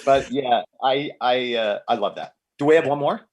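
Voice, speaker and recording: A man with a mid-range voice speaks at normal speed as a guest on a casual comedy podcast. He's an animated, rambling storyteller who swears freely.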